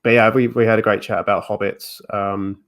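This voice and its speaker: Low-voiced man chatting with many fillers. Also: little pitch movement, fairly quick, fairly bright tone. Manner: rambling, many fillers, laughs easily. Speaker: guest content creator. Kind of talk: casual video chat.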